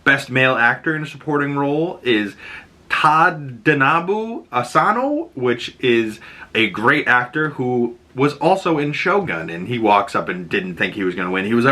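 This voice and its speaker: Bright-voiced excitable man chatting. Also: medium pitch, moderate pace. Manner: excitable, rambling, full of "like" and "you know". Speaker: podcast host. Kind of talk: casual pop-culture chat.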